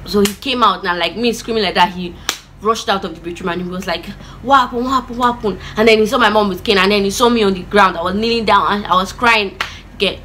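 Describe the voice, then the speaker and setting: A young woman with a Nigerian accent telling a dramatic storytime vlog, animated and expressive, slipping in pidgin words. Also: mid-range voice, fast, slight background noise. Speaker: vlogger.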